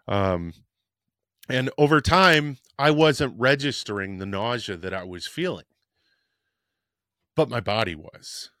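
A man hosts his podcast and tells a personal story in a candid, rambling way, swearing now and then. He speaks slowly and takes his time. His voice sounds dry and close, with no room echo. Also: mid-range voice, animated, pushed and bright. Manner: frank, rambling, swears casually. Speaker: podcast host.

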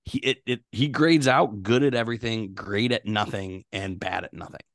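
Low-voiced man chatting about sports. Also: moderate pace, vocal fry, slight background noise. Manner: relaxed, agreeable, asks questions. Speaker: podcast co-host. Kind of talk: casual sports chat.

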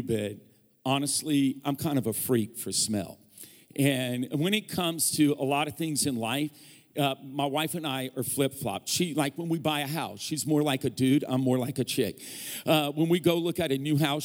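Joking pastor preaching in a big hall. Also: male voice, medium pitch, darkish tone. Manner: humorous, storytelling preacher with call-and-response. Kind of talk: sermon. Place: large church hall. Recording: long hall reverb.

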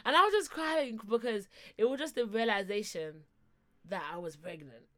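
A young woman, co-hosting a podcast and telling a story in a casual, animated, slangy way with bursts of laughter. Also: on the high side, normal speed. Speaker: podcast co-host.

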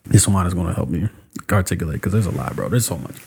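A man in casual podcast chat, telling a heated story in an animated way, acting out quotes and cursing freely. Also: low-pitched, quick pace, creaky, slightly rough. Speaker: podcast guest, comic creator.

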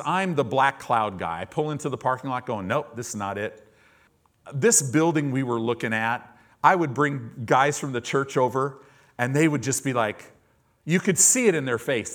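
A man's voice: medium pitch, fairly bright tone. A man preaching a sermon as a pastor, telling stories and acting out the voices of the people he quotes, while the congregation calls back in the church service.

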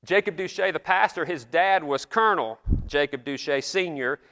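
A man preaching a sermon in a church, slowing down to read old prayers and scripture with dramatic weight. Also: fairly high pitch, bright, forceful tone, long reverb tail. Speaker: pastor.

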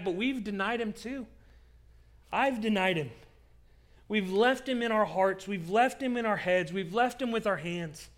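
A male pastor preaching a sermon from a stage, telling the story in an earnest, dramatic way. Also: high voice. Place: stage with pulpit.

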